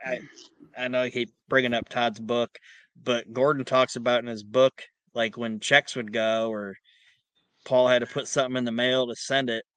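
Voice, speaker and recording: A man's voice: medium pitch, level tone, moderate pace, fairly bright tone, smooth, no echo. A man co-hosting a podcast, animatedly retelling anecdotes in casual chat with some swearing. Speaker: podcast co-host.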